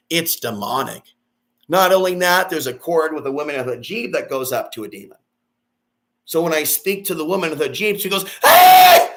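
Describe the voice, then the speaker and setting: A man delivering a ranting vlog monologue. He swears a lot, repeats his phrases, and often breaks into shouting. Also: medium pitch. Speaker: vlogger.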